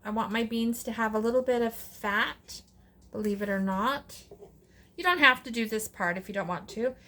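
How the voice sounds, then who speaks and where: A woman's voice: a little high, moderate pace, pushed and bright. A middle-aged woman hosting a casual cooking vlog, chatting along with sassy asides as she works. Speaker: cooking channel host.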